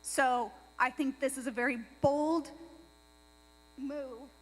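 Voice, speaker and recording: High-voiced woman firmly opposing a motion. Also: steady tone, rough recording. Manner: measured, firm, slows to stress points. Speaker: tribal member speaking at a meeting. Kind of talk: speaking at a public meeting.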